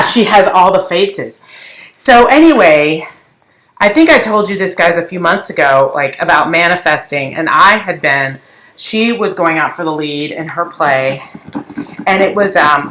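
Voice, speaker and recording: A woman's voice: fairly low pitch, expressive, normal speed, fairly bright tone. A middle-aged woman rambling through a story in casual chat while she paints furniture, with lots of restarts. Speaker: furniture painting tutor and shop owner. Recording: echoey room with faint noise.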